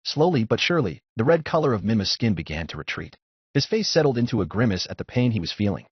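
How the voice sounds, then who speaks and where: A man narrating a fan fiction story in a steady, descriptive audiobook style, on a dull lo-fi recording. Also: mid-range voice, husky, dry recording. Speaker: fanfiction narrator.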